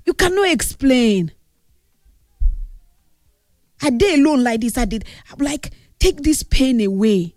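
A high-pitched, somewhat mellow female voice carries an earnest, emotional tribute from a grieving friend. She has a Nigerian accent and blends Pidgin into her English. The sound is clean, studio-grade and free of echo.

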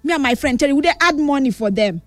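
A young Nigerian woman talks in a high, swooping voice, switching between Pidgin and English as she tells lively stories. She exclaims often and her pitch jumps around. The sound is close and dry, with soft music underneath. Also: fast talker, no echo. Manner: animated storytelling, code-switching, exclaiming.

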